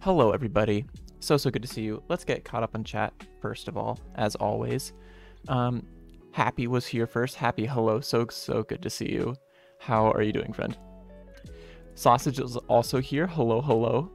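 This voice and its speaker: A man hosting a casual live stream. He greets viewers one by one in an upbeat, friendly way, with playful, softly self-mocking asides. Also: medium pitch, normal speed, vocal fry. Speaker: streamer and game developer. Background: faint lo-fi music.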